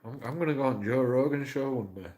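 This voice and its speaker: Talking quickly in a slightly mellow, mid-range voice, a man rambles emotionally for his YouTube auditing channel. He curses and repeats himself, and the recording carries a roomy echo.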